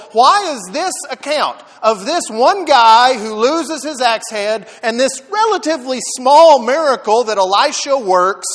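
A man preaching a sermon, telling the story with lively dramatic emphasis. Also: extremely high pitch, big-room sound. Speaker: pastor.

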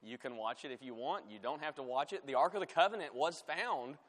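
Male pastor, slightly high voice, emphatic sermon delivery, long hall reverb. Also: fairly quick. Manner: emphatic preaching, rising loud on scripture, dropping to quiet asides.

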